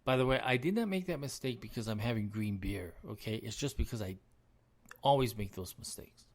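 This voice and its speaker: A man's voice: lowish voice, lively intonation, brisk. A middle-aged man hosting his own podcast, delivering an emphatic, repetitive opinion rant with frequent chuckles. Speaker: podcast host.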